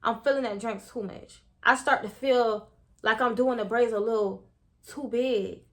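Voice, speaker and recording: A woman's voice: a little high, steady tone, measured pace. A young woman telling a casual storytime to her viewers, chatty and full of slang, talking straight to the audience.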